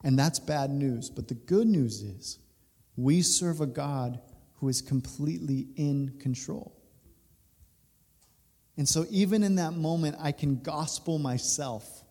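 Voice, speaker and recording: A man in his thirties, a pastor, telling a personal story during a sermon, animated and laughing through it. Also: fairly high pitch, slow, slightly rough. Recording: reverberant hall.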